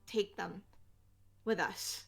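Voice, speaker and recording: A woman's voice: mid-range voice, slow, creaky. A woman voicing a nervous male scholar who stammers and repeats his words.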